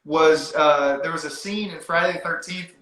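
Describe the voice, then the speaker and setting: A man talks in a high, bright voice, rambling through his stories with fillers and restarts. The room around him is echoey. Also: normal speed. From East Texas. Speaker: guest author. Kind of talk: casual chat.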